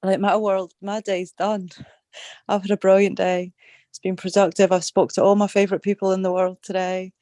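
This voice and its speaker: A chatty, upbeat middle-aged woman with a Scottish accent that carries a slight Australian twang. She keeps her pitch fairly flat and even as she talks, and the recording is dry and close. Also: normal speed, no room sound. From Scotland. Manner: chatty, upbeat, swears casually. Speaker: group call participant. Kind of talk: casual chat.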